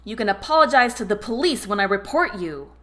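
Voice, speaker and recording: Woman doing a young woman, shaky and tearful, then stern, higher and louder than the reader's voice. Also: expressive, takes it slowly, full character voice. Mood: angry.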